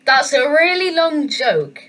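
Woman co-host, teasing, deadpan comebacks, a touch high. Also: slow pace, rough recording. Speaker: podcast co-host. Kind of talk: casual teasing chat.

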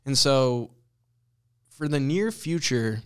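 A man's voice: medium pitch, expressive, slow pace, a bit bright, smooth. A young man co-hosting a casual podcast from a room at a school, joking around. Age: young adult. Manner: joking, puts on silly voices for quotes. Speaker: podcast co-host. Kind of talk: casual chat.

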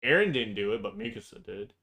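A man's voice: fairly low pitch, very animated, fast, pushed and bright. A man co-hosting a casual chat, blunt and profane, opinionated and prone to long tangents. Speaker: podcast co-host.

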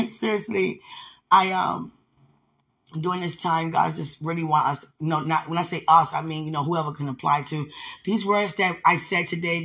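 A man's voice: fairly high pitch, pushed and bright, slightly rough. A man speaking lovingly and devotionally to his fiancé, rambling and laughing often, at home. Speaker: vlogger. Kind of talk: casual devotional talk to a fiancé. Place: home by a window.

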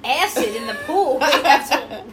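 A woman's voice: high voice, lively intonation, moderate pace, noisy background. A woman in casual chat, blunt and sarcastic, swearing freely.

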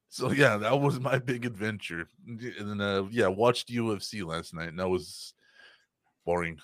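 A young man rambles through his week on a podcast, swearing freely and piling up fillers as he tells stories. His voice sits low, recorded dry and close with no room sound. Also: normal speed, dry recording. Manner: rambling, profane storytelling with frequent fillers. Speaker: podcast host. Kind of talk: casual chat.

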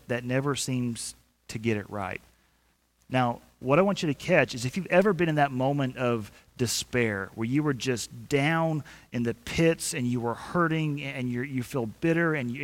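Male pastor, animated storyteller, repeats and restarts often; sermon delivery. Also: medium pitch. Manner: animated storytelling, acts out quoted voices; frequent repetitions and restarts.

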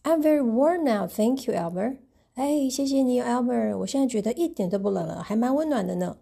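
A woman voicing excitable, childlike elephants in a storybook reading, exclamatory and easily amazed. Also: fairly high pitch, fairly quick, vocal fry, breathy edge, heavily acted. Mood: relieved.

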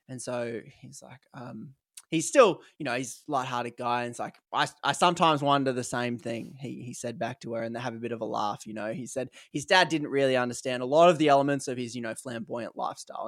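A man tells a story in a loose, chatty way, voicing the people in it as he goes. His voice sits at a middle pitch. The recording is dry and close, with no room sound. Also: no echo. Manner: animated retelling, acting out quoted lines, frequent fillers. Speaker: podcast co-host telling a story. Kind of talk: casual storytelling chat.

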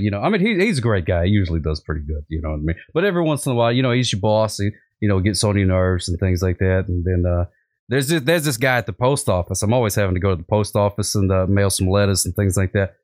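A man's voice: fairly low pitch, lively intonation, fast, darkish tone, no room sound. Rambling man in dry comedic chat. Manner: rambling, full of fillers.

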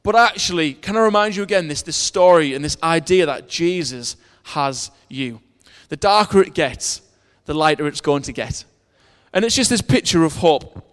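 A man's voice: fairly high pitch, animated, moderate pace. Earnest man preaching in a hall. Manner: earnest storytelling with scripture readings, frequent restarts. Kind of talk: sermon.

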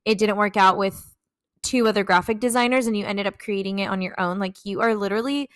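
A young woman who co-hosts a podcast and creates content chats casually and gushes with enthusiasm, packing her speech with filler words. Her mid-range voice moves at a quick pace, with no echo in the recording.

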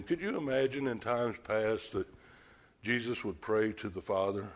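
A man's voice: lowish voice, moderate pace. A man preaching a sermon, telling the story with animation and acting out scenes.

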